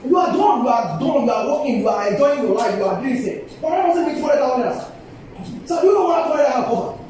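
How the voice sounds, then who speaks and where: Fast, animated and very high-pitched, the older Nigerian-accented speaker has a slightly mellow voice. He gives an emphatic, lively seminar lecture to colleagues in a university lecture hall, repeating key phrases and coaxing listeners. The recording is echoey and distant, with faint ambience and a little hiss or hum.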